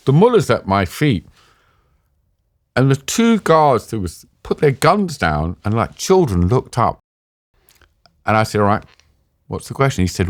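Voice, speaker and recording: A middle-aged man, telling an animated story as an interview guest and acting out the voices in it with big pitch jumps. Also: no echo, studio quality. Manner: lively, acts out dialogue with pitch jumps, laughs while telling.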